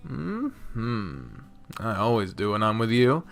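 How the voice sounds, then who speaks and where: A game streamer reads a visual novel aloud in a fairly low, gravelly, sing-song voice at a slow pace, with faint music behind him. He reads the narration softly, then breaks into loud, casual commentary full of swearing.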